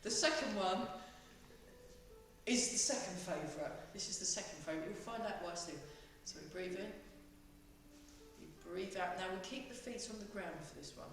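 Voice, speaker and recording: A woman guides a tai chi class, counting the breaths in and out and slipping in jokes. Her voice sits at a middle pitch and sounds distant from the mic. It rings around a very echoey room. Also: normal speed, faint music behind. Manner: playful, joking, cueing breaths. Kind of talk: teaching a class, guiding breathing.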